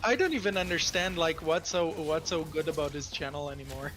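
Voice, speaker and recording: A man's voice: fairly high pitch, fairly quick, a loud crowd. A man in his late twenties from the United States, hosting a live stream with casual, sweary, joking chat. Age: 20s. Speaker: streamer host.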